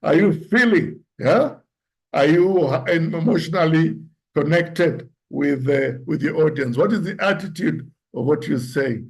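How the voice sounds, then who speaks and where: A man teaches how the voice carries meaning. He speaks slowly and unhurriedly, in a slightly higher register, and now and then acts out example phrases to show tone. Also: lively intonation, creaky. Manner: deliberate, demonstrates pitch and tone examples aloud. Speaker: public speaking coach. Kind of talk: instructive talk on voice and public speaking.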